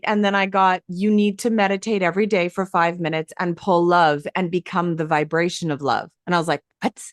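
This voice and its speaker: A woman guest telling her story in an interview, lively and emphatic, acting out quoted dialogue as she goes. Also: on the low side, fairly quick, hardly any pauses, dry recording, studio quality. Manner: animated, acts out quoted dialogue; emphatic and enthusiastic. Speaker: hypnosis coach and guest.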